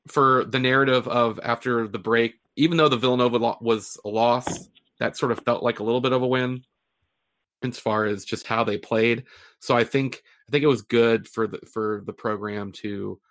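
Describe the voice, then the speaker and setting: A man hosting a podcast in casual sports chat, easygoing and quick to chuckle. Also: lowish voice, a bit bright. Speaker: podcast host.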